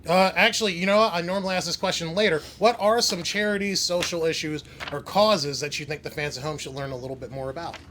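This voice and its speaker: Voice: mid-range voice, quick pace, hardly any pauses, a bit bright, slight background noise. An interviewer asking casual, playful questions in an upbeat, teasing way.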